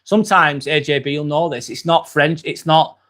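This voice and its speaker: A man from England with a slightly high voice and moderate pace hosts a laid-back phone live stream. Chatty and relaxed, he says um a lot, reads comments from viewers, and swears now and then.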